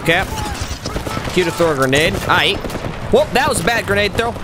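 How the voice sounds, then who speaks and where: A young man hosting a let's play, giving excitable, slangy commentary with yelps of surprise. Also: high voice, moderate pace, very noisy. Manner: excitable, yelping reactions, slangy. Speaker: gaming channel host. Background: loud game audio, music and gunfire.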